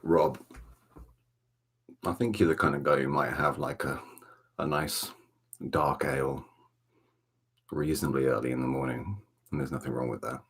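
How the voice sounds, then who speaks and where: Very deep husky Welsh man, soft ASMR chat. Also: normal speed, pauses often. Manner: relaxed, chatty, greets viewers by name. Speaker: ASMR livestream host. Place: dark room at home.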